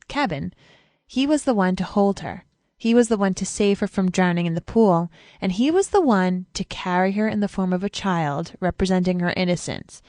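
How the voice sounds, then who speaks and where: A woman's voice: medium pitch, a little mellow, dry recording, studio quality. A woman co-hosting a podcast who reads listener mail steadily in an upbeat, casual way. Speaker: podcast co-host.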